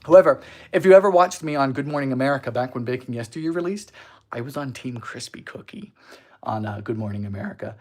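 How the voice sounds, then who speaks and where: A man chats his way through a baking livestream in a home kitchen, goofy and giggly. His voice is lively, swinging up and down as he talks to viewers. The pitch sits in a middle range for a man. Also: fast. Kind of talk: casual livestream chat.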